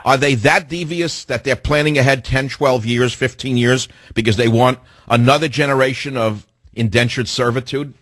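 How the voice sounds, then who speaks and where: A man's voice: mid-range voice, normal speed, hardly any pauses, a bit bright, no room sound. A man hosting a call-in talk radio show, lecturing his callers in a combative way.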